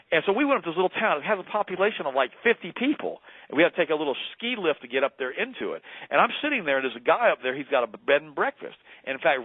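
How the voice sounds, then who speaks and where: Fast-talking guy guest on a tinny phone line, heated, fervent, higher voice. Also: no room sound. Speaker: radio guest. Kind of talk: impassioned call-in radio talk.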